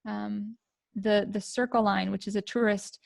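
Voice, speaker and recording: A middle-aged woman from the United States, a podcast guest telling a personal story in an emotional, halting way with many fillers. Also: mid-range voice, flat delivery, gravelly, no echo.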